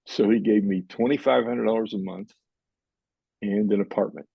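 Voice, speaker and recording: A man's voice: lowish voice, fairly even intonation, normal speed, gravelly, husky, dry recording, highs cut off. An older man, a professor guest on a podcast, telling a long story and acting out the dialogue in it.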